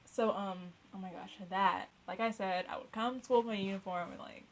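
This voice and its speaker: A woman's voice: medium pitch, fairly even intonation, fairly quick, low-quality recording. A young woman co-hosting a podcast in casual chat, blunt and rambling, swearing often and filling with "like". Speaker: podcast co-host.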